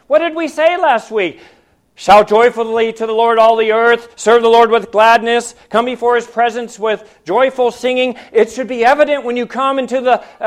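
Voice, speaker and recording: High-voiced preacher, emphatic and varied. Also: male voice. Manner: preaching with rhetorical questions to the congregation; swings between loud emphatic lines and hushed quiet ones. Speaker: pastor. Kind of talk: sermon.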